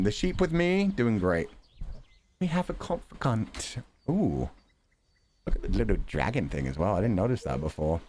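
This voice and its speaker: Animated man streaming a cozy game. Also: on the high side, a little hiss or hum. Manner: animated, swears freely, laughs often. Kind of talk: casual gaming commentary.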